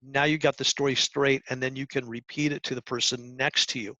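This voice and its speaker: A man's voice: mid-range voice, flat delivery, brisk, pushed and bright, no echo. Earnest middle-aged man coaching teens. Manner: earnest, coaching, with frequent restarts and role-played examples. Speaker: guest speaker to high school students. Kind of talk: presentation talk. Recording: dull lo-fi sound.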